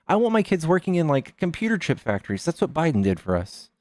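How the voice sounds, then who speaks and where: A man's voice: fairly high pitch, very animated, quick pace, a little mellow, dry recording. A man hosting a live debate stream, arguing hard, swearing and firing off rhetorical questions. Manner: argumentative, profane, fires rhetorical questions.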